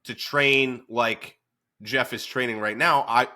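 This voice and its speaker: A man, a fitness coach and podcast host, talking in a calm, even-keeled way with many fillers. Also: medium pitch, slow pace. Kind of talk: casual podcast chat.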